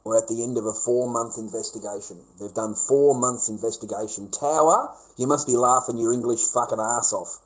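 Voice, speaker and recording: A man's voice: medium pitch, moderate pace, few pauses, low-quality recording. An Australian man talking straight to camera in a rambling, profanity-heavy monologue, sneering and mocking as he drags out words for emphasis. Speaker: vlogger.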